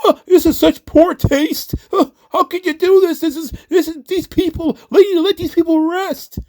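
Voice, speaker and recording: A shrill, pearl-clutching crowd of complainers, as a man mocks them, stammering and whining. The voice jumps well above his own register and drips with sarcasm. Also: fairly even intonation, normal speed, a little mellow. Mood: whiny mocking. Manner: mocking, whiny, stammering. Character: whiny outraged wrestling fans, pearl-clutching.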